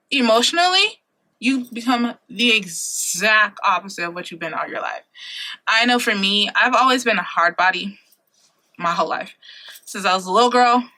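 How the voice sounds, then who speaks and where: Talking to camera in a vlog, this Ohio woman in her late twenties sounds bright and forceful at a medium pitch. She's chatty and dramatic with frequent laughter, recorded on a compact camera mic.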